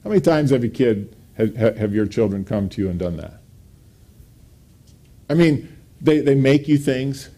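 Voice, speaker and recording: Male pastor, mellow voice, emphatic sermon delivery. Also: lively intonation, moderate pace, long pauses. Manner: emphatic preaching, pitch rising on quoted scripture.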